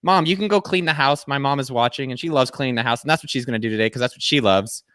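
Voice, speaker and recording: A man's voice: medium pitch, fast talker, smooth, no echo, clean studio sound. An American man hosting a live online show, joking with viewers and introducing guests with lots of energy. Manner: energetic, jokey, rambling. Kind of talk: hyped livestream hosting. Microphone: video call.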